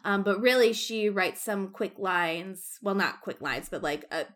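A woman's voice: medium pitch, measured pace, fairly bright tone. A woman co-hosting a casual book discussion, chatty and acting out characters' thoughts. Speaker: book podcast co-host.

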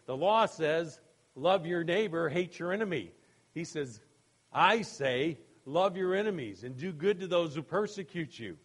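Male pastor, sermon, slightly high voice, chatty asides, playful storytelling. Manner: conversational, many "you know" and "okay?" asides; acts out quoted voices in humorous anecdotes, laughing.

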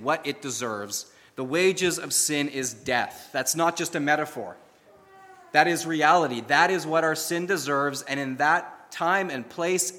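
A male pastor delivers a sermon, speaking earnestly and stressing his key points. His voice sits a bit high and sounds bright and forceful. The sound carries the long reverb of a large hall. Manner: earnest, emphatic storytelling.

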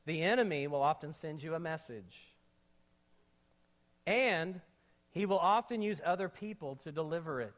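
A male pastor preaching an energetic sermon, mixing jokes and slangy asides into the message. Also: a little high, moderate pace, pauses often.

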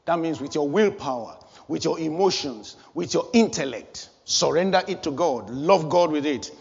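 A man with a high voice preaches a sermon, pressing his points through repeated, rising phrases. His voice rings in a long hall reverb with a dull, muffled tone. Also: animated, normal speed, gravelly, darkish tone, husky. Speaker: pastor.

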